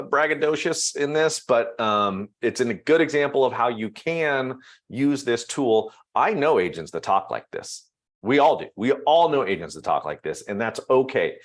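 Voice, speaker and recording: A man giving a casual live online training, thinking aloud while he types and filling pauses with ums. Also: mid-range voice. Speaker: real estate trainer.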